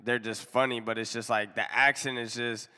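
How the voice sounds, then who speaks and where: A young American man hosts a live music review stream, giving blunt, slangy, laid-back feedback as casual commentary. His mid-range voice is steady, pushed and bright at a moderate pace, with a long reverb tail.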